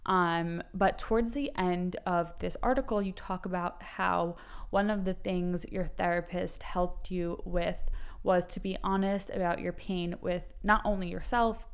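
Smooth-voiced woman host asking questions. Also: on the low side. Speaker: podcast host. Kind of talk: interviewing, reading prepared questions.

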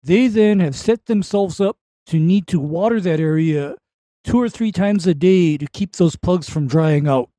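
A man's voice: high-pitched, measured pace, dark tone, no room sound. A man co-hosting a live lawn-care call-in show, giving laid-back advice step by step. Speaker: co-host answering lawn care calls. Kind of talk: casual call-in show talk.

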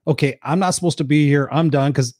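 A man's voice: a little high, fast, a little mellow, no room sound, clean studio sound. A man hosting an interview, asking frank and direct questions. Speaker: host.

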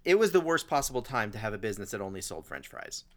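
A man's voice: on the low side, sing-song, fast talker, fairly bright tone. A man telling a long story in casual chat, rambling along with fillers and restarts.

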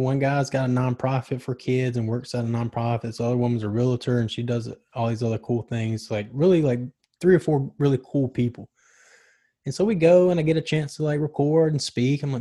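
A young man in casual chat, telling stories in a rambling, excited way with slang and swearing. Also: medium pitch. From Charlotte, North Carolina area.

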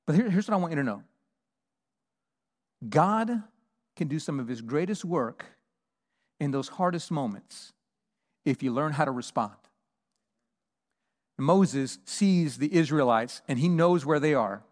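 A man preaching a sermon as pastor, emphatic, moving between hushed and loud delivery. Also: fairly high pitch, lively intonation, measured pace, pauses often. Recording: long hall reverb.

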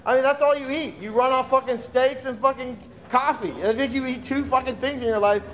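A man's voice: very high-pitched, fairly even intonation, fairly quick, fairly bright tone, slight background noise. A man co-hosting a casual live chat, ranting sarcastically and swearing a lot. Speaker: co-host.

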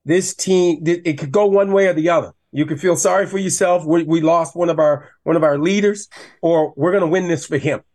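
A man, a former college running back, talking football as a guest in a passionate, animated way that rises when he gets riled up. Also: fairly high pitch, fairly quick. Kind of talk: casual sports talk.

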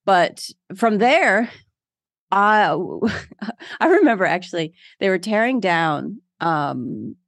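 A young woman telling stories in a casual interview, animated and self-deprecating, laughing often. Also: medium pitch, takes it slowly, no echo. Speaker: guest.

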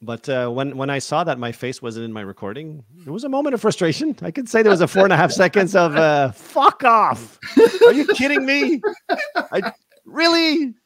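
A man's voice: fairly high pitch, quick pace, hardly any pauses. A man as a podcast guest, telling stories in a casual conversation with laughs. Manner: animated storytelling with laughs. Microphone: video call.

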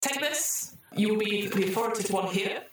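A woman voicing a cheerful, bureaucratic surveillance computer that makes slow, officious announcements. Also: medium pitch, recorded from a distance, noisy background, close to an everyday voice. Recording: echoey room.

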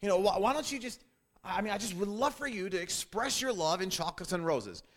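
A man's voice: high-pitched, expressive, a little fast, pitched above the performer's own voice. A man voicing a wife who asks her husband for signs of love, in a raised, pleading voice. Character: wife longing for romantic attention.

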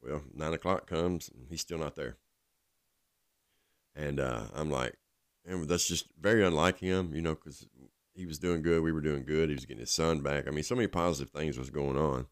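A man's voice: very deep voice, moderate pace, dry recording, studio quality. A man telling his own story in a rambling, casual way, full of fillers. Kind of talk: personal storytelling.

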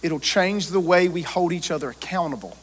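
A man, a pastor preaching a lively sermon and joking with his congregation. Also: on the high side, brisk.

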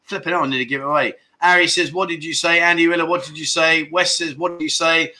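A man's voice: fairly high pitch, fairly even intonation, fast talker, sharp tone. A man hosting a casual live stream, reading viewer comments aloud in a jokey, scattered way and laughing at his own slip-ups. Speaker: livestream host.

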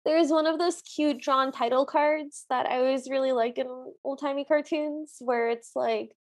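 A woman's voice: sits high, fairly even intonation, moderate pace. A woman co-hosting a podcast, describing an old cartoon in a playful, enthusiastic way. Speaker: podcast co-host. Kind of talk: casual review chat.

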